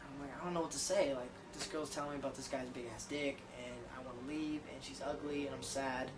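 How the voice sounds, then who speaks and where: A man's voice: medium pitch, fairly even intonation, fast. Man rambling through a comic tale. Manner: profane, rambling, self-deprecating. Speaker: storyteller. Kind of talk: casual comic storytelling.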